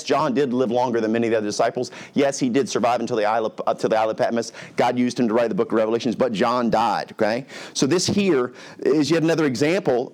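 A conversational middle-aged male pastor. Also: mid-range voice. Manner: conversational, acts out characters' lines. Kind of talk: expository sermon.

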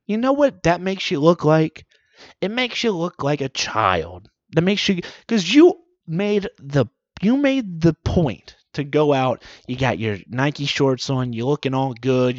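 Man in an animated, profane comic rant. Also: on the high side, dry recording. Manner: animated, swearing, mocking asides. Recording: dull lo-fi dry recording.

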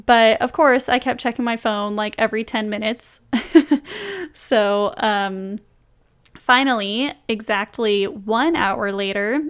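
A woman's voice: on the high side, takes it slowly, clear, resonant tone. A young adult woman telling a personal story in a casual, bubbly way, laughing often as she retells it. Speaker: vlogger. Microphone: close mic, reading from a journal.

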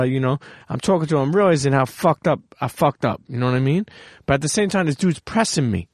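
A man hosting a podcast, telling stories in a lively, profane way in casual interview chat. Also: mid-range voice, fast, few pauses, dry recording, clean studio sound. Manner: animated, profane storytelling. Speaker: podcast host.

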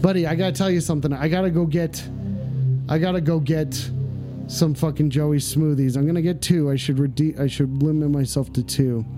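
A man hosting a comedic call-in stream, cursing constantly, excitable and bursting into shouts, slowing down for comic effect. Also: on the high side, over music. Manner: deliberate slowdowns for comic effect. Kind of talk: profane comedic live stream.

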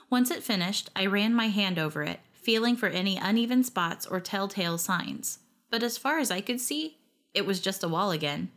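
A woman narrating a first-person story in a wry, lively storytelling manner. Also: medium pitch.

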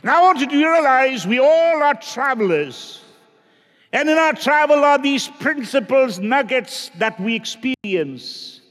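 Man preaching slow and dramatic, high voice, shouts then drops way down, long hall echo. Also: animated. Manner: dramatic swings between loud shouts and low hushed lines. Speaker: pastor. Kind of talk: sermon. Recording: long reverb of a large hall.

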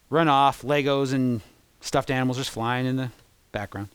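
A man's voice: mid-range voice, fairly even intonation, moderate pace, smooth, dry recording. Impassioned male pastor preaching. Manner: impassioned, swinging from loud peaks to hushed, confessional asides. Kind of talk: sermon.

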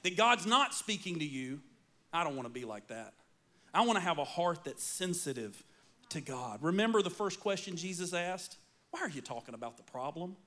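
A man preaching a sermon, telling stories with playful asides and animated delivery. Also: fairly high pitch. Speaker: pastor.

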